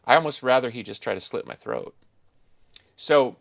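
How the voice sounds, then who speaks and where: A man's voice: medium pitch, huge pitch swings, normal speed, creaky, a bit bright, no echo, clean studio sound. A middle-aged man hosting a podcast, talking in a thoughtful, rambling, musing way. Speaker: podcast host. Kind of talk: casual interview chat.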